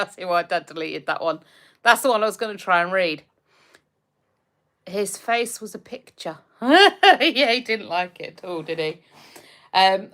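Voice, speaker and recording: A woman's voice: medium pitch, fairly bright tone. A woman with an English accent, hosting a casual livestream, chatting with viewers, laughing often and calling them her darling. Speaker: livestream host. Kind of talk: casual livestream chat reading comments.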